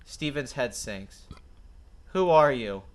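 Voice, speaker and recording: A man's voice: mid-range voice, lively intonation, takes it slowly. A man reading stage directions and dialogue aloud in a script read-through, narrating action. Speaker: script reader.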